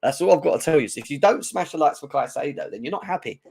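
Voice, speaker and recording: An excitable man hosts a casual fan livestream, chatting straight to his viewers. He reels off news in a loose, chatty way and greets people in the chat by name. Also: fairly high pitch, fast, gravelly, slightly rough. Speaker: livestream host.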